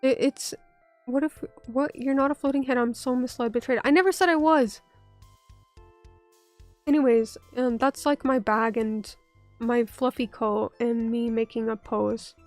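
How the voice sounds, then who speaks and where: Hoarse young woman VTuber, high-pitched and bronchitis-rough. She rambles, curses and bickers with chat over a close, dry mic. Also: steady tone, moderate pace, darkish tone, dry recording, faint music behind. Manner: rambling, self-interrupting, swears, talks back to chat. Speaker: VTuber streamer. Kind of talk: casual live-stream chat.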